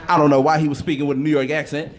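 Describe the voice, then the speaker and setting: A man's voice: fairly high pitch, flat delivery, racing, a crowd in the background. A man co-hosting a sports talk show, chatting casually and laughing often as he rambles through his point. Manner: laughs often, playful, rambling, puts on quoted voices.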